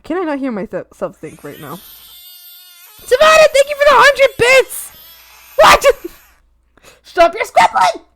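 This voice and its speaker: A young woman hosting a live stream, chatting casually and thanking her viewers. Her voice sits high and swings widely as she giggles and playfully scolds her chat. She talks at an easy, unhurried pace. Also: wildly swooping pitch, pushed and bright. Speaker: art streamer.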